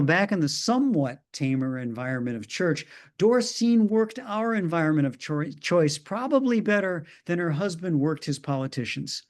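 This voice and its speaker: A middle-aged man preaching in a storytelling way, his voice sitting a little high for a man. He delivers the tale with a dry, ironic wit and lets his asides land quietly. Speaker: minister. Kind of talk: storytelling sermon.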